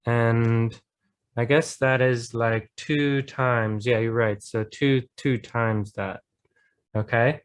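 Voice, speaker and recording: Slow, patient American man teaching math. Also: medium pitch, fairly even intonation, smooth. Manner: patient, encouraging, thinks aloud step by step. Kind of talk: online tutoring lesson.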